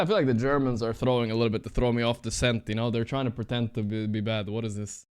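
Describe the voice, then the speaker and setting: A man streaming a geography guessing game, thinking out loud, excitable and trash-talking his opponent. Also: medium pitch, fast, hardly any pauses, clean tone. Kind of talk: casual live-stream commentary while playing.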